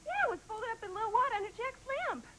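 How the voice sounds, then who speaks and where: An actress playing a naive, eager, clumsy young roommate in a sitcom. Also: female voice, very high voice, expressive, rapid-fire. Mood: chirpy. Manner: chirpy, naive. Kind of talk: sitcom acting. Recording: hissy old VHS tape.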